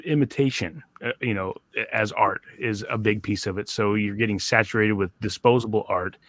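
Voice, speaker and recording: A man, a songwriter, chatting on a podcast in a thoughtful, wry way, with halting starts. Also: fairly low pitch, fairly even intonation, a bit bright, no echo. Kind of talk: casual podcast chat.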